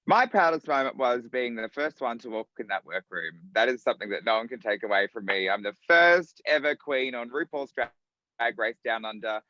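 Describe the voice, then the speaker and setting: A man with an Australian accent, a drag performer talking as a guest in a casual interview, animated and quick to laugh. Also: mid-range voice, dry recording, dull audio. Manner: animated, laughing, acts out quotes.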